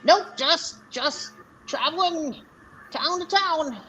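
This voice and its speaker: A woman's voice: sits high, takes it slowly, sharp tone, slight background noise, voice pushed up, heavily acted, low-quality recording. A woman voicing a cheerful small male goblin peddler, chirpy and chatty, in a tabletop role-play.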